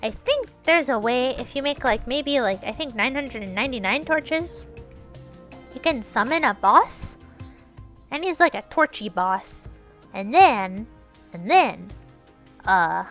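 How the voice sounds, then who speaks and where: A woman's voice: a little high, expressive, a little slow, pauses often, fairly bright tone, soft background music. A woman talking through her game in casual, playful commentary, chatty and narrating her own moves, with bursts of teasing mock scolding. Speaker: gaming streamer.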